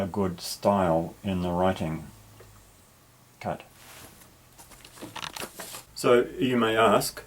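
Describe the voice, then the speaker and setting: Lesson narration: lower-pitched male teacher, patient, methodical, unhurried explanations. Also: poor audio. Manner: patient, careful, with small restarts. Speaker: Greek teacher.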